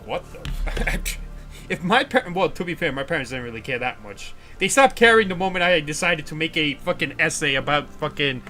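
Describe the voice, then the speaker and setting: A man's voice: on the high side, animated, a little fast, sharp tone, soft background music. A young man from the United States who hosts a casual livestream, rambling and ranting with frequent swearing. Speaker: livestream host.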